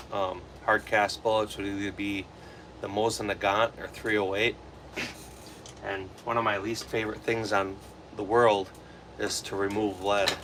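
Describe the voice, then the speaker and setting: Young Wisconsin guy, low voice, rambling livestreamer talk, steady background noise. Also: low-quality recording. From Wisconsin, USA. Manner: relaxed, rambling, answers chat comments. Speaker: livestream host. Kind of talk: casual livestream chat while reloading ammo.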